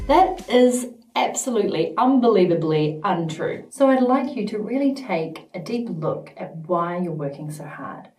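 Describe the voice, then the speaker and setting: Emphatic woman vlogging in an echoey room. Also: lowish voice. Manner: lively, emphatic and playful, with mock voices. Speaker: vlogger and business coach. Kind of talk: direct-to-camera vlog. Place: studio at home. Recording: echoey room, mic at a distance.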